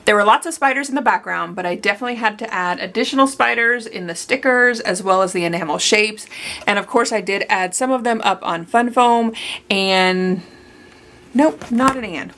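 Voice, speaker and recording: A woman's voice: mid-range voice, normal speed, a bit bright, slight background noise. A woman hosting a scrapbooking channel, recording a casual voice-over full of bloopers, stumbling over her words and correcting herself aloud.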